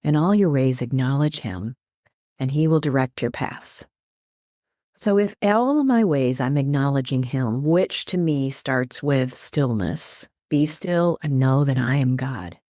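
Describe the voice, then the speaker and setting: Low-voiced woman teaching faith, preacherly. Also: unhurried, no room sound, studio quality. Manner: animated, preacherly, quotes scripture. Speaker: guest, life coach and minister. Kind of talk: earnest faith-based teaching in conversation.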